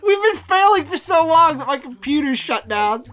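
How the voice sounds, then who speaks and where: A man co-hosting a let's play in casual chat, excitable, laughing often and swearing freely. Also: very high-pitched, moderate pace.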